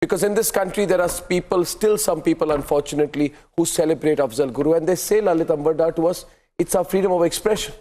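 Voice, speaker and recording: Male TV debate anchor, high-pitched, combative, interrupting, hammering questions. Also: fast talker. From India. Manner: forceful, interrupting, rhetorical questions. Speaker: news debate host. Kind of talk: heated TV debate.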